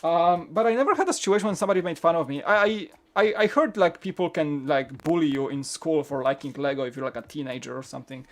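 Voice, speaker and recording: A man's voice: a little high, fast talker, few pauses. A man hosting a live-streamed LEGO build, talking in a chatty, rambling way and reading out the chat. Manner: chatty, rambling, with frequent restarts. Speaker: LEGO channel host.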